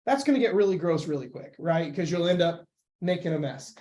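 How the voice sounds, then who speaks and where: A young man talking as a podcast guest and weight-loss coach, emphatic and animated in casual conversation. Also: on the high side, a little fast. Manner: emphatic, animated, acts out quoted voices.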